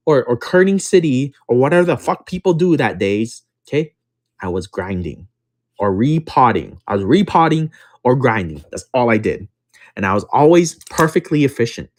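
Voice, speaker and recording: A man's voice: mid-range voice, animated, normal speed, darkish tone. Brash, profane man streaming card breaks. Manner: brash, profane, repeats phrases for emphasis; counts down and calls out card numbers while telling a story. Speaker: card-breaking livestream host. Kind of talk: casual livestream storytelling.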